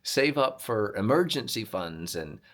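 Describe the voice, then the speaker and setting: A man's voice: lowish voice, very animated, a little slow, fairly bright tone. A man putting on a hillbilly drawl to play a sarcastic male radio money adviser. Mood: mocking. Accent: put-on hillbilly drawl.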